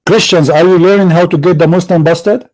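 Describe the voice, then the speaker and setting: A man's voice: sits high, steady tone, brisk, a little mellow, rough recording. A man hosting a heated religious debate, taunting with repeated rhetorical questions. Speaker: debate show host.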